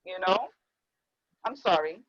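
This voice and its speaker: A woman's voice: on the low side, lively intonation, slow, lo-fi sound. A woman in her thirties hosting a casual panel discussion, emphatic and repetitive, acting out the words of others as she makes her points. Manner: emphatic, repeats herself, acts out quoted speech. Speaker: podcast host.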